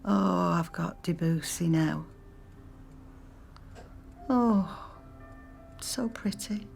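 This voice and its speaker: A woman's voice: on the low side, very slow, gravelly, darkish tone, soft background music, exaggerated voice. An actress playing a chatty, wry woman in her sixties, rambling to herself with dry humour while she waits on a phone call. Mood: wry musing. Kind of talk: film monologue acting.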